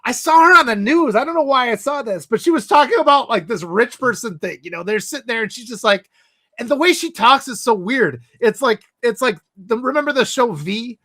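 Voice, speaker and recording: A woman co-hosting a casual chat, talking in a rambling, animated way and laughing often. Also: a little high, fairly quick.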